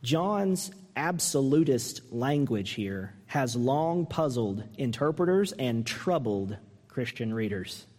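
A man preaching a sermon as pastor, earnest and emphatic, asking the listeners pointed questions and climbing high when he mimics a harsh reading. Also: sing-song, takes it slowly, darkish tone, big-room sound.

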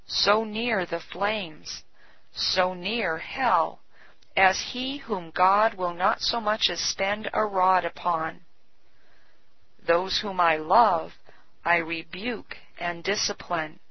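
A woman giving a solemn, measured scripted devotional reading. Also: lowish voice, no echo. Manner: slow, solemn, measured delivery. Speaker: devotional reader. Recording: dull, dry lo-fi recording.

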